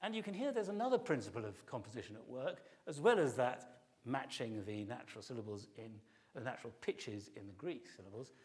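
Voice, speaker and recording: Middle-aged male professor, average pitch, for a patient explanatory lecture with sung examples. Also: lively intonation, fairly quick, darkish tone. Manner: explanatory, sings short snatches of melody to illustrate. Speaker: classics professor giving a pre-concert talk. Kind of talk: public lecture.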